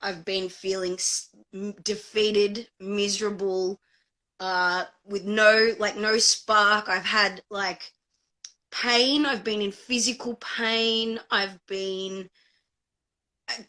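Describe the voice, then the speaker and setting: A woman guest on a live video chat, speaking emotionally and haltingly about a hard time. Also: medium pitch, steady tone, pushed and bright. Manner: emotional, halting, searching for words. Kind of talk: casual live-stream chat.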